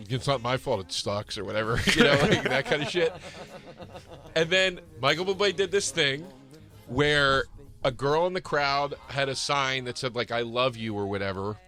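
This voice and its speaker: A man hosting a podcast, telling a story in a laughing, animated, swearing way. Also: mid-range voice. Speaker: podcast host. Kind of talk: casual storytelling chat.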